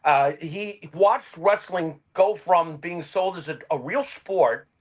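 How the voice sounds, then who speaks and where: A man's voice: fairly high pitch, slow pace, low-quality recording. An older man co-hosting a wrestling interview show, asking questions in an emphatic, rambling way. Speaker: podcast co-host. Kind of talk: conversational interview.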